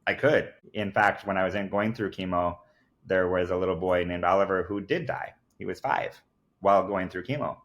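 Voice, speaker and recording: A man's voice: deep voice, normal speed, fairly bright tone, lo-fi sound. A man, a podcast guest, telling a personal story in an earnest, emphatic way, full of fillers like "like". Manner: earnest and emphatic, many fillers like "like" and "I kid you not".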